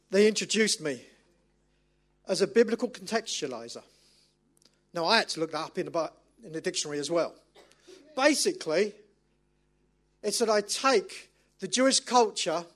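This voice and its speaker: A middle-aged man, preaching a sermon as an animated, self-mocking storyteller. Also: high-pitched.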